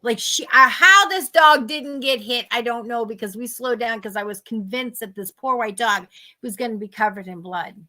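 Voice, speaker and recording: High, bright-voiced chatty woman. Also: normal speed. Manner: animated, laughing storyteller acting out quotes. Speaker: host. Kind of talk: casual storytelling chat.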